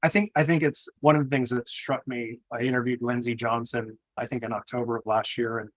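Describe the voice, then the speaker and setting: A man's voice: mid-range voice, level tone, a little fast, dry recording. A man hosting a podcast, speaking conversationally and reflecting on lessons from past guests. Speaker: podcast host. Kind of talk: conversational interview talk.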